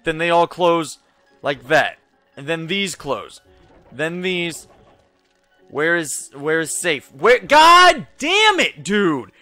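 A man's voice: a little high, slow, long pauses, fairly bright tone, no room sound, soft background music. A young man giving frustrated let's play commentary, swearing a lot and muttering to himself as he plays. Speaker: gaming YouTuber.

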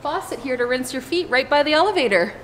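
A woman's voice: sits high, lively intonation, fast. A woman making matter-of-fact, teasing remarks off camera during a casual travel vlog. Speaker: vlogger's wife. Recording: distant voice with long reverb and faint noise.

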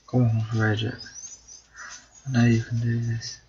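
A man's voice: medium pitch, completely flat delivery, unhurried, darkish tone, lo-fi sound, slight background noise. A man doing casual gameplay commentary, cheering on and pleading with his duck in a mock British accent. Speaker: gamer, video host.

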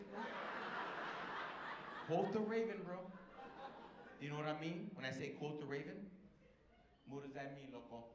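A male stand-up comedian doing brash, profane, teasing crowd work on a club stage. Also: sits high. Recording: echoey club with crowd noise.

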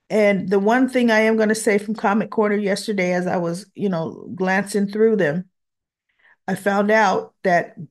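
Exasperated, teary woman recapping a soap. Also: mid-range voice. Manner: exasperated, animated retelling. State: emotional, teary. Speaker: soap opera recap vlogger. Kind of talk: casual recap monologue.

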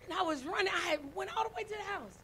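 With an extremely high voice and lively intonation, this first lady preacher talks fast through a folksy, storytelling sermon. She calls to the congregation with "y'all" and "right?" while a crowd can be heard behind her.

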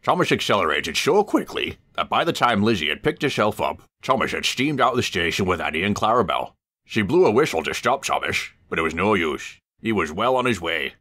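Deep-voiced male storyteller, bright and animated. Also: a little fast. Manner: expressive storybook reading. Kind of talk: reading a children's story aloud.

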